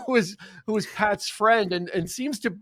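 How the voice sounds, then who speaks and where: A man's voice: sits high, measured pace, fairly bright tone, dry recording, clean studio sound. A man hosting a podcast, chatting in a laid-back way, chuckling as he runs through a movie's cast. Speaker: podcast host. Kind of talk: casual podcast chat.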